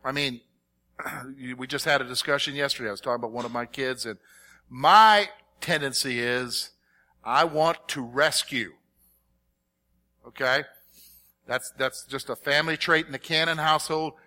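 A middle-aged man preaching a sermon, reading scripture and questioning his congregation in an animated, conversational way. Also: mid-range voice, moderate pace, pauses often. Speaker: pastor.

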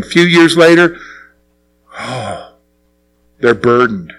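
A middle-aged man preaching a sermon as pastor, asking the congregation questions and answering them himself, with sudden drops to quiet asides. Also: expressive, moderate pace, long pauses, poor audio. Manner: swings between raised, punchy lines and low, quiet asides.

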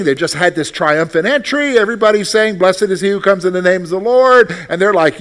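A middle-aged pastor with a high voice delivers a sermon. He reads scripture slowly and then preaches with lively rhetorical questions.

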